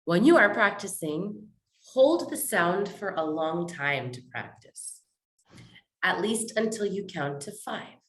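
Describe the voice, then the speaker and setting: A woman teaches pronunciation. She explains clearly and stretches out example sounds for learners to copy. Her pitch sits a little low for a woman. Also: big pitch swings, fairly bright tone, rough recording. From New York, USA. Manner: clear, instructive, models sounds slowly. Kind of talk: recorded pronunciation lesson.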